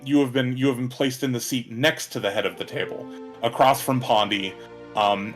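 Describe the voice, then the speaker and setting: A man narrating as game master, halting, with many ums and restarts. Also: medium pitch.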